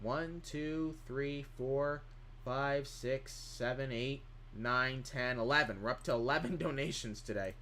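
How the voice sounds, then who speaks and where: A man's voice: medium pitch, a little slow, sharp tone, slight background noise. A man streaming live, chatting casually in a rambling way as he reads chat questions aloud and answers them.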